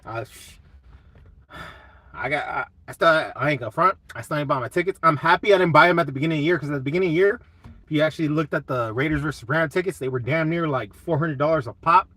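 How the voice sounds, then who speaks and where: A man's voice: a little high, quick pace, bright, forceful tone, no echo. A young man hosting a casual live chat, laid-back and swearing a lot while answering comments.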